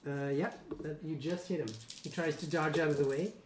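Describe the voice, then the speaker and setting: A game master narrating a tabletop game, unhurried and laughing easily. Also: mid-range voice, fairly even intonation, recorded from a distance. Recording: echoey room with faint hiss.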